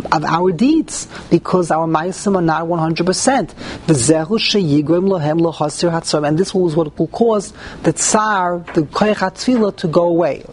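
A man's voice: high voice, darkish tone, a little hiss or hum. A man teaching a Talmudic-style lesson, mixing English with Hebrew and Yiddish terms and rising sharply on key points. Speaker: Torah teacher. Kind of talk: Talmudic lecture.

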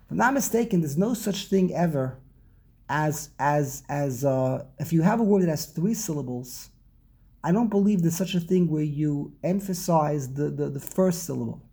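Man, Torah class teacher, mellow husky voice, halting repetitive delivery. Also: on the high side, lively intonation. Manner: repeats and restarts words while explaining.

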